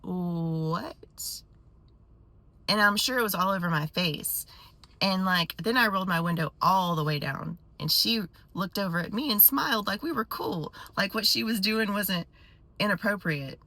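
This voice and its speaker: A woman vlogger telling a story to her viewers in a casual, animated way with quick asides. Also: mid-range voice, no echo.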